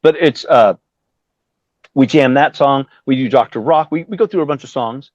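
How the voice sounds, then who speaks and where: A guest musician in his fifties tells a story during a casual interview at normal speed, animated and swearing often. He acts out what others said with big pitch jumps. The audio is dry, dull and lo-fi.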